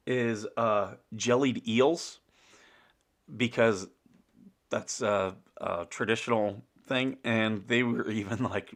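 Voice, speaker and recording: A man's voice: fairly low pitch, takes it slowly, fairly bright tone. Rambling American man hosting a morning chat. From United States. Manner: rambling, chuckling, many fillers and restarts. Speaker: show host. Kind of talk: casual morning livestream chat.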